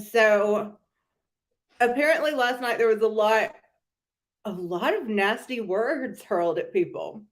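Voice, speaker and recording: A young woman hosting a casual commentary chat, gossipy and sarcastic, often breaking into giggles. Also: a little high. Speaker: channel host.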